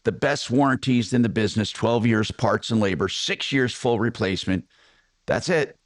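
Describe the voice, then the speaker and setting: A man's voice: medium pitch, moderate pace, no echo, studio quality. An older man hosting a radio talk show, rambling through opinionated remarks with many restarts.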